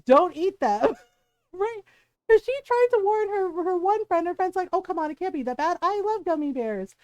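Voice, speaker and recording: A woman's voice: extremely high pitch, expressive, normal speed, darkish tone, no room sound, muffled recording. A woman streamer chatting casually while gaming, animatedly retelling a story, acting out quotes and laughing often.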